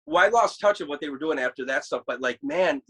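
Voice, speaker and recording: A man's voice: fairly high pitch, lively intonation, quick pace, a bit bright, husky. A man in a casual chat, easygoing and agreeable, tossing in "man" and "dude".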